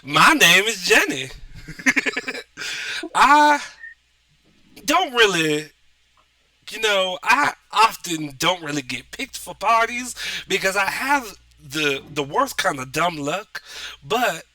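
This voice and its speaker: A man's voice: high voice, big pitch swings, slow, pushed and bright, no room sound, far from the mic, pitched above the performer's own voice, exaggerated voice. A man playing a folksy Southern lady knight. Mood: friendly. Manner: folksy, sweet-talking, upbeat. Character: tall cheerful female knight in plate armor.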